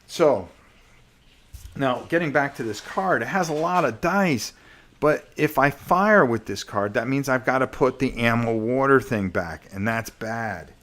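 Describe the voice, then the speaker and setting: A man's voice: medium pitch, animated, unhurried, a bit bright. A man with a sore voice hosting a live stream, playing a solo board wargame and thinking aloud as he checks the rules. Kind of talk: casual live-stream gameplay commentary.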